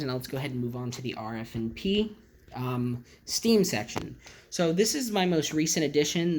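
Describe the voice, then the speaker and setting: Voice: mid-range voice, darkish tone. A model railroad vlogger showing off a collection in a casual, rambling way, with lots of ums and restarts. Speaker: model railroad channel host. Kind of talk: casual show-and-tell vlog.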